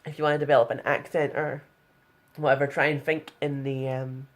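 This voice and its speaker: A woman's voice: extremely low pitch, flat delivery, a little fast. A young woman talking frankly in a casual vlog tutorial, chatty and blunt, with plenty of fillers. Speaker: vlogger.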